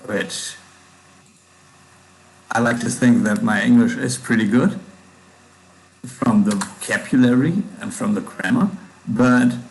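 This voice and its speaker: A man's voice: mid-range voice, takes it slowly, creaky, long pauses, slight background noise, poor audio. A man with a German accent, casually thinking aloud while coding on a livestream, with hard consonants. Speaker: livestreaming programmer.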